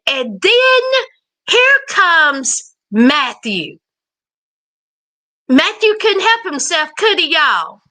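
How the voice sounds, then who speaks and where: A woman's voice: high-pitched, sing-song, slow, sharp tone. A woman giving a sassy, casual recap of a reality show, scolding the people on screen directly.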